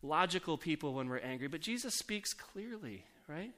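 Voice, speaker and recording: A man preaching a sermon in a conversational way, asking the congregation questions and slowing down to softly repeat scripture. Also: on the high side, lively intonation. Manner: slows down and softens for scripture quotes.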